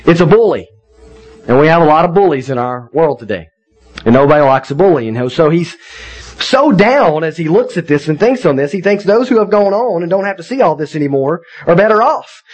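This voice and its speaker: A pastor in his thirties preaches a sermon with a slightly high-pitched voice. He talks in a relaxed, folksy way, often checking in with his listeners. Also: a little fast, poor audio. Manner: conversational, folksy, asks listeners "right?".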